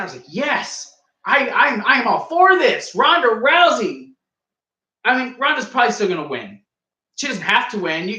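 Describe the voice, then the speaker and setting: Brief: young male podcast co-host, high bright voice, boastful and ranty, roomy echo. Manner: boastful, joking, ranting. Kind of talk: casual wrestling review chat.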